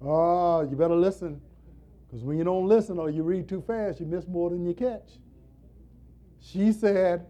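A man preaching a sermon, talking straight to his congregation in a lively, folksy way. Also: sits high, measured pace. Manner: animated, folksy, direct to congregation.

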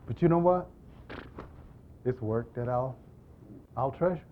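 A man preaching a sermon in an animated, emphatic style, repeating lines and moving between loud and hushed delivery. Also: mid-range voice, measured pace, narrow, tinny audio, slight background noise. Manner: repetitive, emphatic call-and-response delivery.

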